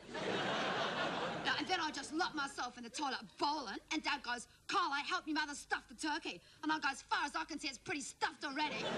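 Woman doing a high-voiced aussie teen girl, bratty and whiny, loud noisy tv capture. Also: lightly acted. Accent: Australian. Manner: whiny, complaining, peppered with "you know". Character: bratty, melodramatic teenage schoolgirl. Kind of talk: sketch comedy monologue.

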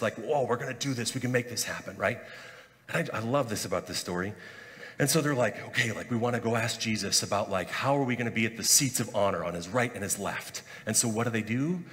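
A man preaching a conversational sermon as pastor, lively and chatty, acting out quoted voices with humor. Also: medium pitch, long reverb tail. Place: church sanctuary.

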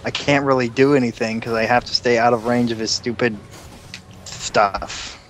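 A man's voice: mid-range voice, steady tone, normal speed, a little hiss or hum. Grumbling young gamer guy. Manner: grumbling, cursing at opponents. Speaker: gamer playing a team match. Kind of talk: casual gameplay chatter.

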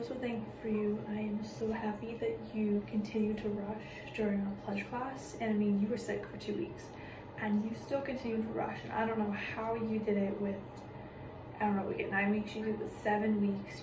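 A young woman in college recording a quiet, affectionate tribute late at night in a small bathroom, keeping her voice down so she won't wake others. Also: medium pitch, flat delivery, brisk. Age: young adult. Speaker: college student giving a tribute. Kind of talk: recorded video message. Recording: echoey bathroom, distant mic, noisy background.

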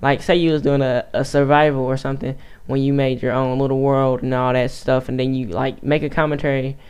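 A man chats loosely over his own gameplay, his voice smooth and clear. He stutters, restarts sentences and wanders off topic as he plays. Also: medium pitch, little pitch movement, a little fast, a little mellow. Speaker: YouTube gamer. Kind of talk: casual gameplay commentary.

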